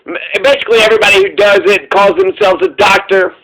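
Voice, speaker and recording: A man rambles through a casual commentary video, mocking and swearing freely. His voice sits high and sounds bright. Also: little pitch movement, quick pace, low-quality recording.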